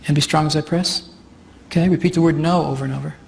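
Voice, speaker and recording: A man's voice: on the high side, steady tone, quick pace, gravelly, a little mellow, slight background noise. Man explaining a process on stage. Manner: explanatory, chatty, often laughing. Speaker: workshop facilitator. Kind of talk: live workshop demonstration. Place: stage before an audience.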